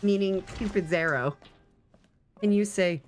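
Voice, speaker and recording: A young woman, an actress and streamer, talking casually on a live stream. Her voice sits a little low, and her manner is chatty, giggly and self-deprecating. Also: moderate pace, a bit bright, slight background noise.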